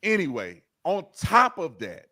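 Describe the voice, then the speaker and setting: A man comments in a mocking, animated way, stumbling over repeated words. His voice sits somewhat high for a man. The sound is dry. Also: a little slow, dry recording. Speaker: commentator in played clip. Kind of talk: casual commentary.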